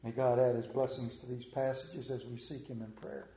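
This pastor speaks at a normal speed in a medium-pitched, dark voice with a flat delivery. He preaches a sermon that includes scripture reading and prayer, telling a story in a folksy, drawling way. The recording is low quality and reverberant.

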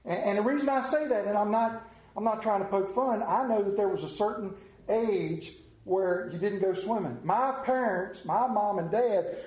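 A middle-aged male pastor preaching a sermon, telling the story with lively acted-out scenes and sudden drops to a hush. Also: normal speed. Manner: animated storytelling, acts out scenes with big pitch swings. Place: room with a congregation. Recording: echoey room.

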